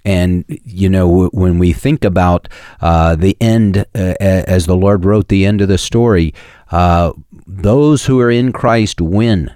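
Deep-voiced earnest Christian radio host. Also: male voice, steady tone, warm tone, dry recording, studio quality. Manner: earnest and preachy, with halting restarts. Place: radio studio. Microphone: studio microphone.

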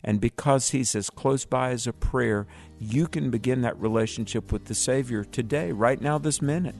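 A man's voice: medium pitch, normal speed, vocal fry, darkish tone, soft background music. A man co-hosting a radio Bible discussion, making earnest, preacherly appeals to listeners. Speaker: radio co-host.

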